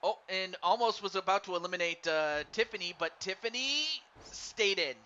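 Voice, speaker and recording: A man doing live play-by-play commentary on a wrestling game for a stream, excitable and stumbling over his words while chatting with viewers. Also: high voice, normal speed. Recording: dull lo-fi stream mic with faint noise.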